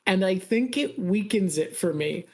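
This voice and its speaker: A woman's voice: mid-range voice, expressive, a little slow, mellow. A woman hosting a podcast in casual chat, explaining a story thoughtfully with a playful, teasing edge. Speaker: podcast host.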